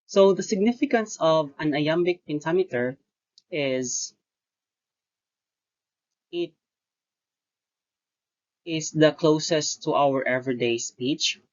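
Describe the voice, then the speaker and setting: A teacher giving a recorded lesson, speaking deliberately, pausing often between phrases and correcting their own wording. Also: medium pitch. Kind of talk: recorded lecture-style lesson. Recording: dull lo-fi voice recording.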